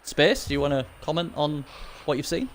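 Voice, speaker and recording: A man's voice: fairly high pitch, big pitch swings, moderate pace, a little hiss or hum. A man hosting casual live commentary of a video game match, chatty and rambling, often restarting his sentences. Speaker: esports commentator and host.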